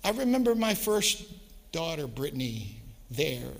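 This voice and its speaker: A man's voice: fairly high pitch, very animated, unhurried, gravelly, in a large hall. A middle-aged man, a pastor, preaching a sermon and telling stories with repeated words. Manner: storytelling with acted quotes, repeats words.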